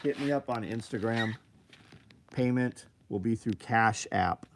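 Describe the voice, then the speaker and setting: A man's voice: lowish voice, unhurried, creaky, noisy background. Casual, profane man hosting a livestream. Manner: loose, profane, reads chat aloud. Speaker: livestream host.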